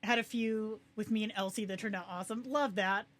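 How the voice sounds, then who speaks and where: A young adult woman hosting a casual livestream, chatting excitedly and reacting to viewers with quick asides. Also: mid-range voice. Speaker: livestream host.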